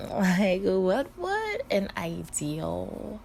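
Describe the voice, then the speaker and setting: Stoned, rambling woman with a gravelly voice. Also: fairly low pitch, sing-song, takes it slowly, few pauses, slight background noise. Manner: rambling, profane, self-interrupting, laughing often. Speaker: vlogger. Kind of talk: rambling casual storytime.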